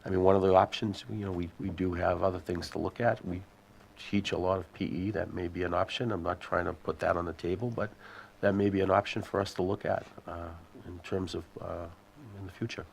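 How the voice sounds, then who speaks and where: A man serving as school superintendent, answering committee questions in a measured, explanatory way and thinking aloud as he goes. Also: low-pitched, level tone, creaky, slight background noise.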